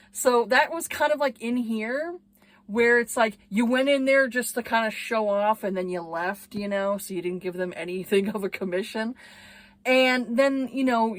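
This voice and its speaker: A woman chatting casually in a book review video, lively and full of fillers, acting out lines from scenes she describes. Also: on the high side, dry recording. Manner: chatty and animated, acts out quoted lines, many fillers.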